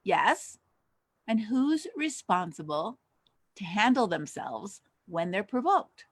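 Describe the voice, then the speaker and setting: A woman's voice: medium pitch, big pitch swings, takes it slowly, no room sound. An older woman giving a conversational teaching talk as a Christian counselor, asking many rhetorical questions.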